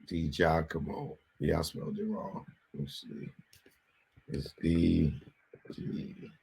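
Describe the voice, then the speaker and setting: Man, gravelly voice, slow muttering, casual comedy commentary. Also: very deep voice, mellow. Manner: muttering to himself while looking things up.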